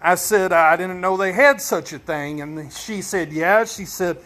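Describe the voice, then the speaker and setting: A man's voice: high voice, a little slow, bright, forceful tone. A middle-aged man telling a long joke as a folksy, rambling personal story, full of fillers and asides.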